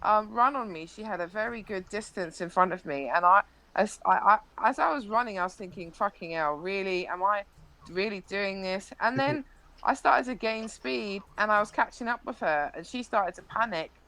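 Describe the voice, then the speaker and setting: A woman's voice: mid-range voice, normal speed, bright, forceful tone, low-quality recording. A young woman, a live-stream interview guest, animatedly recounting an incident with frequent restarts.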